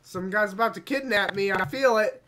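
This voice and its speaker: A gaming video creator doing let's play commentary, talking to the game and breaking into dramatic shouts and cries. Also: medium pitch, moderate pace.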